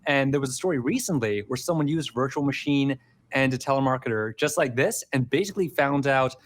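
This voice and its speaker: A man's voice: medium pitch, animated, brisk. A man co-hosting a tech podcast, telling stories in a rambling, casual chat and laughing easily. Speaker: podcast co-host.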